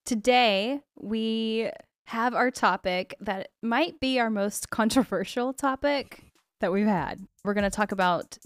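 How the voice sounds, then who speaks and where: A woman's voice: fairly high pitch, measured pace, dry recording, studio quality. A young adult woman co-hosting a podcast in casual chat, candid and joking. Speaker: podcast co-host.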